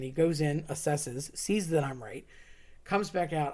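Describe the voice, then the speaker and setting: Brief: animated anecdote teller, sarcastic and emphatic, middle pitch. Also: normal speed. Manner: animated, sarcastic storytelling with acted-out quotes. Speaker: storyteller. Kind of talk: personal anecdote, told live.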